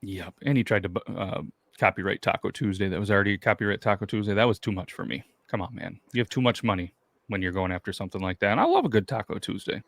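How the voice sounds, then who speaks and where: A man's voice: fairly low pitch, quick pace, creaky, dry recording. A man in his thirties hosting a podcast, telling rambling, profane stories in casual chat. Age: 30s. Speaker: podcast host.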